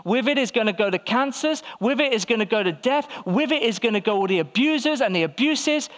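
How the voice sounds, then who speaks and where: A man's voice: very high-pitched, animated, brisk, fairly bright tone. A man pastor preaching a conversational sermon to his church, firing rhetorical questions and acting out quoted voices. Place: church hall.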